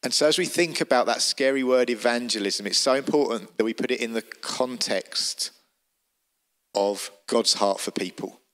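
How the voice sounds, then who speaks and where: A man's voice: medium pitch, normal speed, a bit bright. A man preaching a sermon, telling the story vividly and with emphasis.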